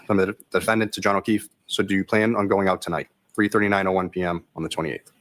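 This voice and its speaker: Casting note: man on the witness stand, very low voice, quick monotone reading. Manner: flat monotone delivery. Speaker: state trooper testifying in court. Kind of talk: reading text messages into the court record.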